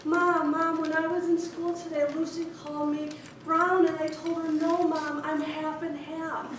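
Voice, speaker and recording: A woman's voice: very high voice, level tone, measured pace, heavy reverb, far from the mic, noisy background. A woman voicing her small preschool daughter, asking earnest, puzzled questions. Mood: curious. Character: little preschool girl, curious and puzzled.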